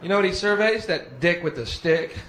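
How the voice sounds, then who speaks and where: Profane young male stand-up comedian on stage, bit high, roomy live club sound. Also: expressive, a little fast. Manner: brash, profane, acts out voices. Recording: echoey live club with loud audience noise.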